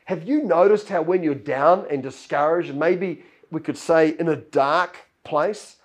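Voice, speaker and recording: Male pastor, higher-pitched voice, storytelling sermon delivery. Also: measured pace. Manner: storytelling, acts out Bible characters' lines.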